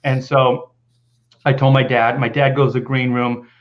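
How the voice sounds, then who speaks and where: A man's voice: mid-range voice, little pitch movement, moderate pace, dull audio. A man telling a long personal story on a video call, rambling with many restarts and false starts. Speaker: comic book artist guest. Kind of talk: casual video call chat.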